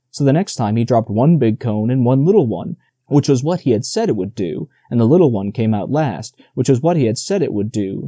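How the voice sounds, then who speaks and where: A man narrating a children's book with a very dark, mellow tone. His delivery is expressive and lively, rising and falling freely, and the recording sounds dry and close. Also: medium pitch, dry recording. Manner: expressive, storytelling. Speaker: audiobook narrator. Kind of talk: scripted narration.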